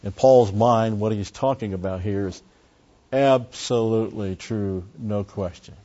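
On dull lo-fi audio, a man leads a Bible study in a lowish, warm voice at a measured pace. He explains words closely and is emphatic, driving his points home by repeating key phrases.

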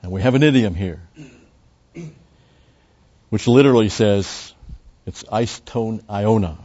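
A man's voice: lowish voice, a little slow, warm tone, highs cut off. An older man teaching a Bible study lecture in a rambling, conversational way full of asides.

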